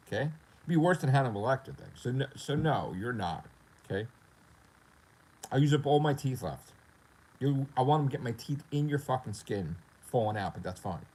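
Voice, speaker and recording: A man's voice: medium pitch, lively intonation, moderate pace, a little mellow, rough recording. A middle-aged man with a New York accent, ranting profanely and animatedly as a gaming streamer on a casual livestream.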